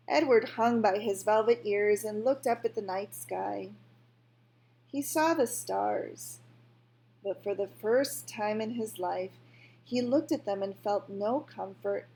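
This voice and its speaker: A woman calmly reading a children's novel aloud, in a measured storytelling manner. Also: medium pitch, vocal fry. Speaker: reader.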